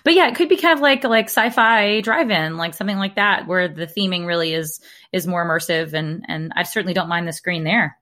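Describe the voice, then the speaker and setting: A woman's voice: on the low side, brisk, pushed and bright. A woman from Alabama, co-hosting a casual podcast chat, chatty and self-deprecating, laughing easily. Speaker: podcast co-host.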